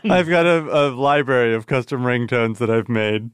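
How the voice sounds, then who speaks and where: A man guesting on a casual podcast, chatty and quick to laugh. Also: medium pitch, smooth, no echo.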